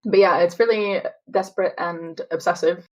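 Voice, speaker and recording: Woman, podcast co-host, casual chat, slightly low voice. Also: fairly even intonation, moderate pace, low-quality recording. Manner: chatty, paraphrases lyrics with dramatic read-outs. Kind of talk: casual chat about song lyrics.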